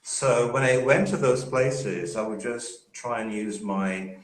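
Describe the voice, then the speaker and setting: A Brazilian man whose first language is Portuguese, a guest English teacher speaking casually on a live video call and telling lively stories with frequent chuckles. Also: mid-range voice, slow pace. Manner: lively storyteller, chuckles often. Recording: roomy echo.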